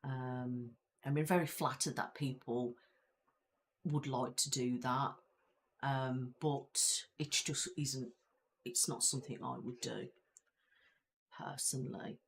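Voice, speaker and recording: A woman's voice: very deep voice, fairly even intonation, slow, long pauses. A woman with a Belfast accent, chatting casually with viewers as the host of a live stream, rambling with frequent fillers. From Belfast, Northern Ireland. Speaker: ASMR creator hosting a live stream.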